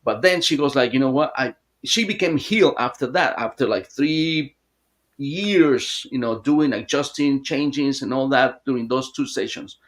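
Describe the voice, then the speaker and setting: A man guesting on an interview, telling a long story in a halting, rambling way with many restarts. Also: medium pitch. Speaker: hypnotherapist guest.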